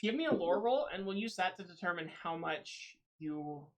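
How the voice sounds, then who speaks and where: Low-voiced woman running a tabletop game. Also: expressive, moderate pace. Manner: hesitant, lots of ums, laughs often. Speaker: game master.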